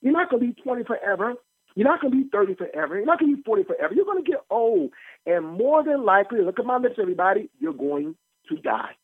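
Animated man preaching over a phone line. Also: very high-pitched, very fast, husky. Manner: animated, joking, asks the listeners rhetorical questions. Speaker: pastor. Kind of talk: lively informal preaching talk. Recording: tinny phone-line audio, dry.

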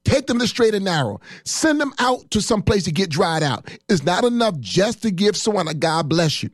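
A man's voice: high-pitched, very animated, normal speed. A man. The sound is dry and close, with no room echo. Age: 50s. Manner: fiery, emphatic preaching with repetition. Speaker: pastor. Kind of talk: sermon.

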